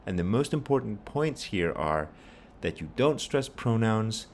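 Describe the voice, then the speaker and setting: A man teaching a pronunciation lesson, patiently explaining and repeating example phrases slowly. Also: on the low side, big pitch swings, slight background noise. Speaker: language teacher.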